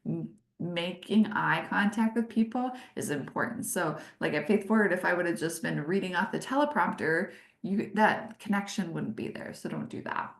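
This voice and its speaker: A woman in her forties teaching a leadership webinar over a video call, animated and emphatic, leaning into key words. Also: fairly low pitch, moderate pace, gravelly, reverberant. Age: 40s. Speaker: leadership consultant hosting a webinar.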